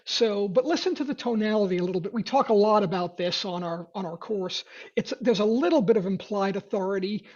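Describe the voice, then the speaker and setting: A man teaching sales prospecting in a webinar, talking in a lively way with quick restarts. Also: high-pitched, dull audio. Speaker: sales trainer.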